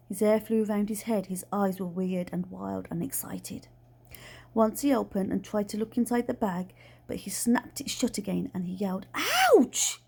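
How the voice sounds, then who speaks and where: A woman reading a children's book aloud in a plain, steady storytelling way. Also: mid-range voice, gravelly, husky. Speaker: reader.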